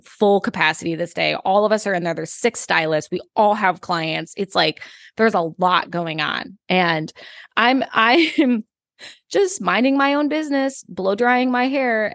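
A young woman tells a story on a podcast with lots of energy, jumping into the voices of the people she quotes and laughing along the way. Her voice sits in a middle pitch and sounds close and dry, with almost no room around it. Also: vocal fry, no room sound. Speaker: podcast co-host, salon owner. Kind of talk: casual storytelling chat.

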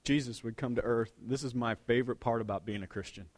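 A man preaching a sermon as a pastor, swinging between hushed, intimate lines and loud, excited bursts. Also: mid-range voice, fast talker.

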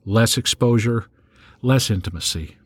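A man giving a spoken sermon, reading scripture aloud in a measured way and slowing down for the quoted verses. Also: breathy edge, dry recording, clean studio sound. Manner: measured, slows down and rises in pitch when reading scripture aloud. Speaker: podcast host and preacher.

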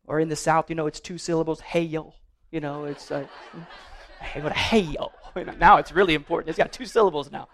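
A pastor with a notably high voice preaches to his congregation. He talks earnestly but loosely, trips over and repeats words as he goes, and slips in playful humor. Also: rapid-fire, hardly any pauses, a bit bright. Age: adult, married. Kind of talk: sermon.

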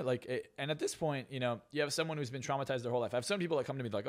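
A man, a hypnotist and success coach, telling boastful stories as a podcast guest. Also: mid-range voice. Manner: fast, boastful storytelling. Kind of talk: casual podcast interview.

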